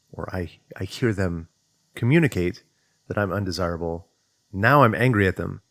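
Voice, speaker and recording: A man's voice: on the low side, fairly bright tone, no echo, clean studio sound. A man speaking in a thoughtful, conversational way as he teaches self-development, working through questions aloud. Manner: acts out inner voices in quotes. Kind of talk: reflective explanatory monologue.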